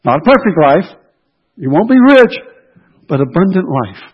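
A man preaching a sermon in a husky, slightly high voice. He drives his points home by repeating key phrases with emphasis. The recording sounds dull and lo-fi. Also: very animated, normal speed.

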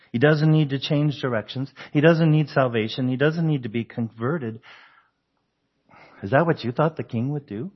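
A man's voice: medium pitch, muffled recording. A man preaching a conversational sermon, asking the congregation questions and chuckling often. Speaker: pastor.

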